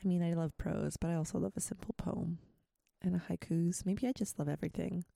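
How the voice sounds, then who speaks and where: A woman's voice: fairly low pitch, fairly even intonation, brisk, vocal fry, mellow, no echo. A woman hosting a radio show, chatting casually in a rambling way full of asides and reading a poem aloud. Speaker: radio host. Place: radio studio.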